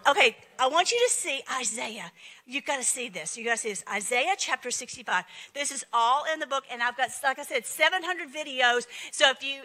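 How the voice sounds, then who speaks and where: Fast-talking woman preaching. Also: high voice, bright, forceful tone, low-quality recording. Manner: fast, emphatic, scripture-quoting preacher. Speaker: end-times preacher. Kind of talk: sermon with scripture reading.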